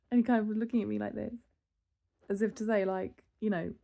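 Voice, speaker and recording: A woman's voice: medium pitch, a little fast, vocal fry. A woman in her thirties, from the UK, venting in a casual, exasperated monologue. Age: 30s. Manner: exasperated, animated storytelling with laughs and sighs. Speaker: vlogger.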